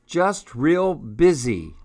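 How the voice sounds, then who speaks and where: A man's voice: fairly high pitch, big pitch swings, a little mellow, voice pushed up, heavily acted. Hank the bee, a man voicing him. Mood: busy. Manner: brisk, no-nonsense. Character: busy tiny male honeybee worker, brisk.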